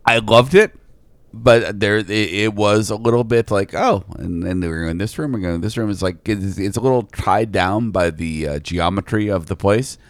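A man's voice: on the low side, moderate pace, no echo. A man co-hosting a podcast in casual chat, rambling with restarts. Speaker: podcast co-host.

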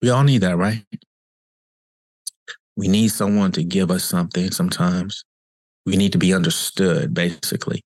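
A man's voice: deep voice, steady tone, normal speed, pauses often, no echo. A man who hosts a show as a cancer coach, talking earnestly and conversationally in a reflective motivational monologue, often repeating himself for emphasis. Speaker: cancer coach and podcast host.

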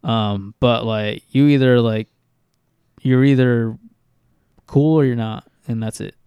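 A man's voice: mid-range voice, steady tone, slow, clean tone, dry recording, lo-fi sound. A young man chatting casually, laid-back, saying "like" and "dude" constantly. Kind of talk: casual chat.

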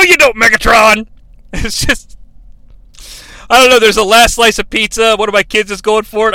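A man's voice: high voice, pushed and bright, smooth, no echo. A man hosting a countdown show in casual commentary, enthusiastic and rambling into asides, often laughing as he talks.

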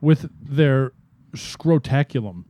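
A man's voice: medium pitch, lively intonation, slow pace, dark tone, no room sound. Ranting, crude podcast co-host, man. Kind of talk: casual comedic chat.

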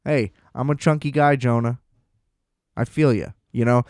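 A man's voice: medium pitch, steady tone, moderate pace, a little mellow, clear, resonant tone, no echo, clean studio sound. Profane, sarcastic ranting man. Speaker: vlogger. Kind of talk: casual rant commentary.

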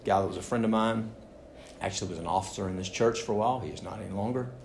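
Racing along in a gravelly, lowish voice, a pastor delivers an animated sermon in a church sanctuary, performing the voices of those he quotes. Slight background noise and roomy church echo fill the recording.

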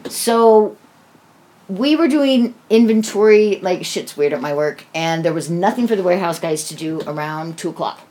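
A woman's voice: on the low side, expressive, normal speed, mellow. A woman casually telling a story, blunt and profane, with sarcastic asides.

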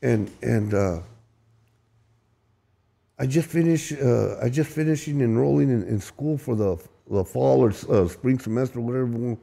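A man's voice: mid-range voice, a little slow, creaky, warm tone. A man telling his recovery story in an emphatic, profane, emotional way, often repeating and restarting his words. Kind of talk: candid storytelling.

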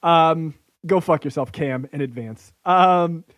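A man's voice: on the high side, slow, fairly bright tone, no room sound. A man hosting a podcast, chatting in a brash, profane way and laughing often. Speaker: podcast host. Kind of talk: casual profane comedic chat.

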